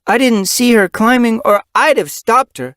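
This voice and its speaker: A man's voice: very high voice, moderate pace, a bit bright, no room sound, clean studio sound, voice pushed up. A man voicing a boastful young male kitten in an audiobook, eager and proud.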